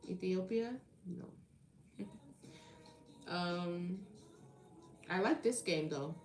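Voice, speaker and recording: Speaking very slowly in a lowish voice, a woman runs a live tarot stream, reading viewers' comments aloud and chatting with them playfully. The echoey recording has a slight hiss or hum, with faint music behind.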